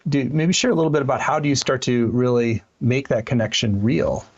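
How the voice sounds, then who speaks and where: A man's voice: medium pitch, brisk, breathy edge, lo-fi sound. A man hosting an interview over a video call, asking reflective, searching questions with some restarts. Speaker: host.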